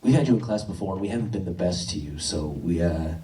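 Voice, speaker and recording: A man's voice: low-pitched, animated, fast talker, mellow. A young adult man doing a stand-up comedy set, telling stories with self-deprecating asides. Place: comedy club stage. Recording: echoey room from far off.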